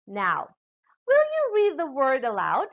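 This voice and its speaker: Woman, Filipino accent, English teacher, scripted lesson, lively intonation. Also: high voice. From Philippines. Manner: slow, lively teacherly delivery addressing students.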